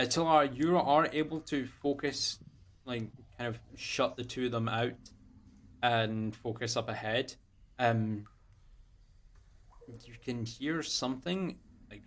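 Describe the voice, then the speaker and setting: A man's voice: medium pitch, slight background noise. A man narrating as game master over a voice call, loose and full of fillers.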